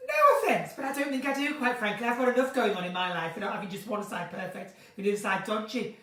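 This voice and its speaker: A woman hosting a casual live chat from her kitchen at home, theatrical and chatty, swinging between bright exclamations and low asides. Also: quick pace. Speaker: live-stream host chatting with viewers. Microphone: phone or webcam in a live stream. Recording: roomy, distant from the mic.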